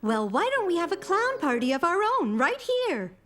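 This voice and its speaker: A gentle, coaxing cartoon grandma. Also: female voice, high-pitched, sing-song, moderate pace, crowd noise. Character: kind patient grandmother. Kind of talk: cartoon voice acting. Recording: music underneath.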